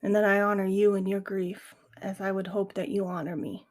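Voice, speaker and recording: Speaking briskly with a flat delivery, a middle-aged woman in a mid-range voice talks through a reflective monologue on her grief podcast. She's casual yet candid and earnest as the host.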